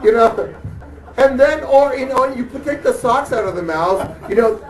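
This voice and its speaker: A man doing dark stand-up comedy on a club stage, halting and hesitant, full of fillers and restarts, chuckling at his own jokes. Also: very high-pitched, animated. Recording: echoey room, distant mic, audience noise.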